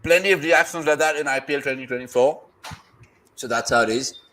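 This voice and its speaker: Man, casual watchalong host on a video call, mid-pitched, breezy banter, reads the chat. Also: pushed and bright, a little hiss or hum, poor audio. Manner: upbeat, rapid banter, reads viewer comments aloud. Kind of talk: casual cricket commentary and chat-reading. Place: home, remote video call.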